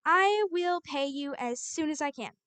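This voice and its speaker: A woman's voice: sits high, animated, unhurried, fairly bright tone, dry recording. A woman putting on a pleading, apologetic young woman client. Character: apologetic young female art client, always promising.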